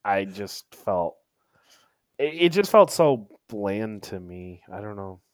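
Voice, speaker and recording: Casting note: man, low register, casual gaming podcast co-host, hesitant, dry close mic. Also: very animated, takes it slowly, dry recording. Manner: hesitant, trails off quietly. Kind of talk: casual chat.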